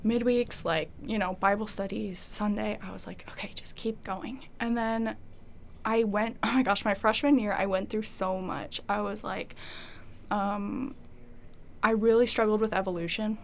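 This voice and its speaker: A woman's voice: medium pitch, steady tone, measured pace, a little hiss or hum. A young woman telling her faith story in a casual, rambling way, full of "like" fillers, often acting out her past thoughts. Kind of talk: casual testimony conversation.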